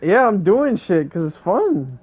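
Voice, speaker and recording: A young man in easy gaming chat, relaxed and quick to swear, mostly giving short replies. His voice sits a little high. The mic sounds dull and lo-fi. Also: slightly rough. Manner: laid-back, short replies, swears casually. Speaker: player of the game.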